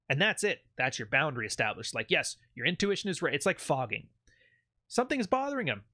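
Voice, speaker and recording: A man talks straight into a dry, close mic with a bright, tense edge to his voice. His pitch sits a little high for a man. He hosts a casual advice monologue and delivers it bluntly, with plenty of swearing. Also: big pitch swings, a little fast, no room sound. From Canada. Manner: blunt, profane, offhand. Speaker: channel host.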